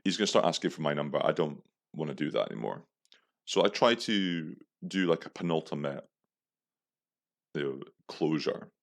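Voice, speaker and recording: Deep-voiced man ranting crudely. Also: animated, moderate pace, vocal fry. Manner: crude, profane comic ranting. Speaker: podcast host. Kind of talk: casual storytelling monologue.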